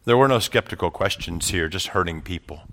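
A man preaching a sermon who swells into loud, rousing passages and then drops to quiet, reflective asides. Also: low-pitched, a little fast. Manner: builds to loud climaxes quoting speeches. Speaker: pastor.

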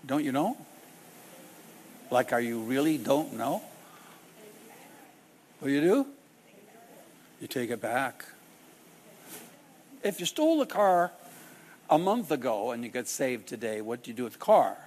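A man preaches a sermon, his voice rising and falling with lively swings in pitch. He is dramatic and stops now and then to act out the people in his stories. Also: a little slow, long pauses, a little hiss or hum. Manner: dramatic, acts out quoted people in shifting voices.

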